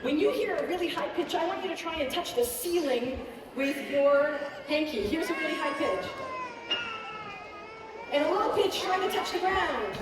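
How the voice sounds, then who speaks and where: A high-voiced woman guides children through a concert piece, lively and encouraging. Her voice is caught from far off, ringing with the long reverb of a big auditorium. Steady room noise sits under it. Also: normal speed. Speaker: pianist and children's concert host. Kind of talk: teaching children at a family concert. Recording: echoey hall from far off.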